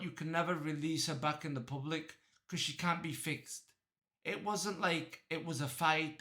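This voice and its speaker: A man in his twenties from Texas, reacting to a video in blunt, profane casual commentary that breaks into loud cheering. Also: fairly high pitch. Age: 20s.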